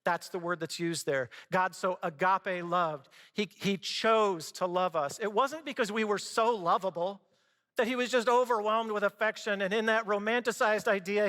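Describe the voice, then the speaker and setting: A man's voice: high-pitched, steady tone, moderate pace, fairly bright tone. A middle-aged man, a pastor, preaching a sermon in a conversational way with personal stories. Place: church sanctuary. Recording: long hall reverb.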